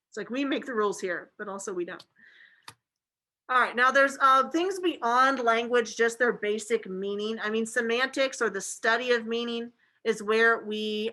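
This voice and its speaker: Woman teacher, fairly high and bright voice, casual filler-heavy lecturing. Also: rough recording. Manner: casual and chatty, many fillers like "like" and "okay". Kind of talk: classroom lecture.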